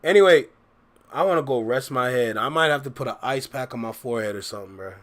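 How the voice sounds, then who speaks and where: Talking fast and expressively in a mid-range voice, this young reaction streamer hangs out casually with his livestream audience. He reads out the chat and responds, relaxed and full of slang.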